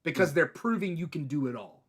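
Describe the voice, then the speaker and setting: A man hosting a casual comics chat, excitable and opinionated, swearing now and then. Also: fairly high pitch, brisk, crowd noise. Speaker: host.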